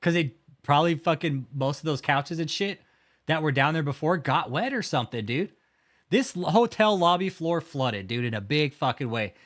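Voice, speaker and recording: A man's voice: a little high, lively intonation, normal speed, a bit bright. A man hosting a livestream, talking casually and heatedly, swearing often and mocking his target while reacting to chat. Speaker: livestream host.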